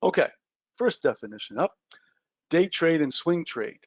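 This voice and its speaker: A man's voice: fairly high pitch, expressive, measured pace, no echo, lo-fi sound. A man teaching a trading webinar at a whiteboard, talking loosely with lots of ums and uhs and self-mocking jokes.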